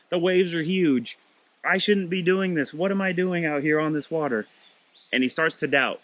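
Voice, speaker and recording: A man, a father, giving a relaxed, conversational devotional talk with frequent restarts and fillers. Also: mid-range voice. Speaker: devotional host.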